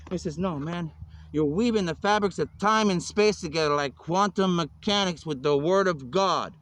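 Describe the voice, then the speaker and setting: A man's voice: high-pitched, darkish tone, low-quality recording. A man vlogging in a rambling, off-the-cuff monologue that leaps between topics and keeps saying "man". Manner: acts out quoted exchanges in casual voices.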